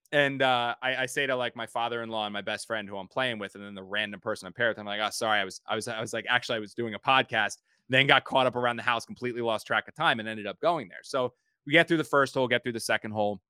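A man's voice: fairly low pitch, bright, forceful tone, clear, resonant tone, dry recording. A man hosting a podcast in casual chat, rambling through stories and repeating his words. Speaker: podcast host and sports reporter.

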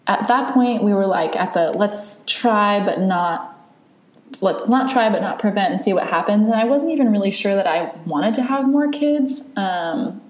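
A woman's voice: medium pitch, animated, moderate pace, reverberant. A woman in her thirties, a podcast host, candidly telling a long personal story in casual chat, with lots of fillers and restarts.

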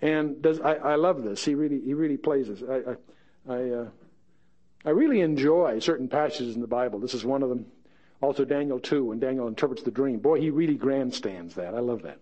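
A man's voice: mid-range voice, a little fast, warm tone, muffled recording. A man teaching verse by verse through a Bible passage, chatting with joking asides and reading the scripture quotes dramatically.

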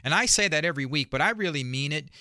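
Male radio host with an accent, encouraging and upbeat, bright and smooth-toned, dry studio sound. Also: a little high, lively intonation, fast talker, no room sound. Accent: noticeable accent. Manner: upbeat, encouraging, repeats his appeals. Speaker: radio talk show host. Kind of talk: radio talk show monologue.

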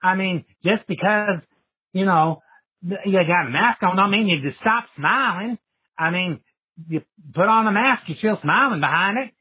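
A man's voice: high voice, normal speed, breathy edge. A man leaving a rambling, folksy voicemail for a podcast host. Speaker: caller. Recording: tinny phone line.

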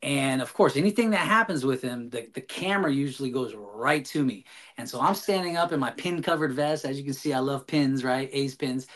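A man's voice: medium pitch, fairly quick. A man guest on a podcast, telling a long story casually with many fillers and restarts. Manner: animated, rambling, frequent fillers and restarts.

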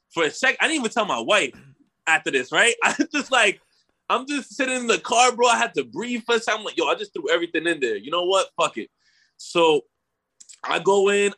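A young man telling a story in casual chat, animated and slangy, swearing and tagging lines with "bro" and "right?". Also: sits high.

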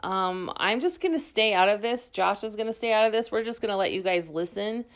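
A woman's voice: medium pitch, brisk. A woman hosting a podcast, chatting casually and reading messages aloud with awkward laughs. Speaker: podcast host. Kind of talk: casual chat recapping a show.

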